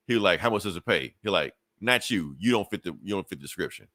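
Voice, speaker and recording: A man's voice: fairly low pitch, animated, fast, few pauses, bright, forceful tone, dry recording, clean studio sound. Loose, profane man recapping comics. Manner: loose and profane, acts out characters' lines with laughs. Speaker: podcast co-host reviewing comics. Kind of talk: casual comic book recap.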